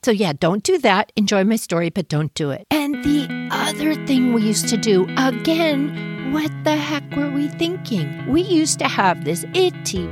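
A middle-aged woman telling childhood stories in a casual, animated way, laughing often and acting out little voices. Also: sits high, measured pace, hardly any pauses, music in the background. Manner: animated, giggly, acts out voices. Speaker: storyteller host. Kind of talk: casual personal storytelling.

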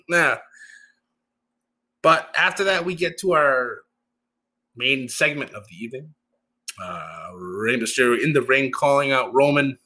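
A man giving a casual solo recap, chatty and animated, often laughing and using fillers. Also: medium pitch. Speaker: show recap host.

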